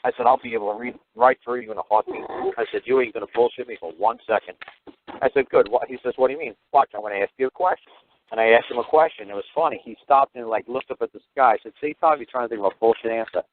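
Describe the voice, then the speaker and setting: Brief: rapid, salty male radio host, animated storyteller, thin phone-quality audio. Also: medium pitch. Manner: blunt, profane, animated storyteller. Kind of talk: call-in radio talk, storytelling.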